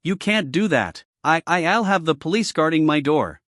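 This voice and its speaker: A man's voice: fairly high pitch, lively intonation, normal speed, fairly bright tone, no room sound, studio quality. A man voicing a flustered, stammering young female celebrity in a comic recap. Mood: panicked.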